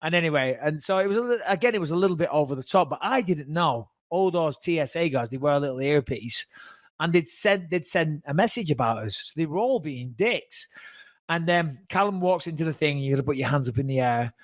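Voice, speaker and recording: A man's voice: fairly high pitch, a little fast, dry recording. A man, telling a story casually on a podcast and acting out the people he quotes. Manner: animated, acts out quoted dialogue.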